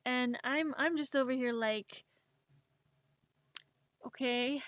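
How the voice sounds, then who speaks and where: A woman's voice: mid-range voice, fairly even intonation, takes it slowly, fairly bright tone, no echo. A young woman with a Spanish accent, chatting casually on a stream while she draws, rambling and poking fun at herself. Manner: rambling, self-deprecating, laughs often.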